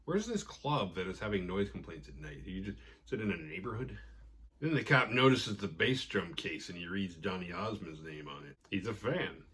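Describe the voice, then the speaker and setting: A man hosting a podcast, casually retelling a horror episode with profanity and quick acted-out quotes. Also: low voice, lively intonation, fairly bright tone, a little hiss or hum. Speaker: podcast host recapping episodes. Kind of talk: casual recap chat.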